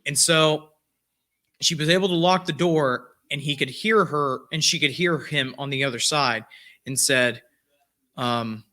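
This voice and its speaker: Guy on a podcast telling a story, bright kinda high voice, lots of likes and uhs. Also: unhurried. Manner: rambling, with many fillers and restarts. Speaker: podcast host. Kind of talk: casual storytelling.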